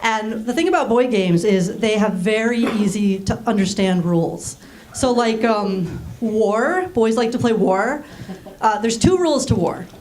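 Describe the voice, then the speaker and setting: A woman in her thirties, raised in Germany, doing a deadpan stand-up set on a small theater stage with frequent ums. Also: on the high side, a little slow. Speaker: stand-up comedian. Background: audience laughing.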